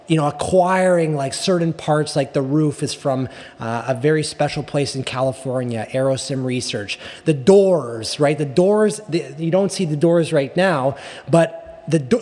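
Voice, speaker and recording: A man with a slightly raised pitch chats casually as an interview guest, rambling through restarts and frequent tag questions. His voice rings out with a long, hall-like reverb. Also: a little mellow. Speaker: guest, car enthusiast.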